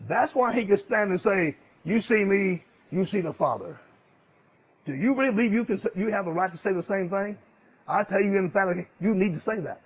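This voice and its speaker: A man preaching a sermon, swinging from loud, emphatic declarations to low, hushed asides. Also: a little fast, slightly rough. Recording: dull lo-fi sound.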